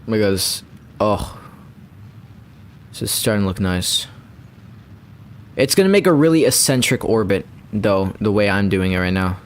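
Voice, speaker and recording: A young man giving rambling, playful gameplay commentary, with bursts of excitement when things go his way. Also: fairly low pitch, measured pace, long pauses, slight background noise. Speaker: gamer.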